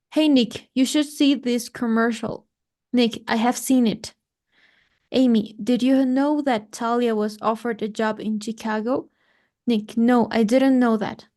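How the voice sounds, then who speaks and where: Woman student reading aloud carefully. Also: fairly high pitch. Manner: careful, steady reading with small slips. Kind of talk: reading a grammar text aloud.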